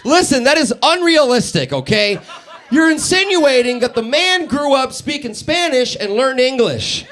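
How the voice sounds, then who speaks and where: A man doing a stand-up set in a radio station's live studio, animated and laughing at his own jokes. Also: very high-pitched, moderate pace. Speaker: stand-up comedian.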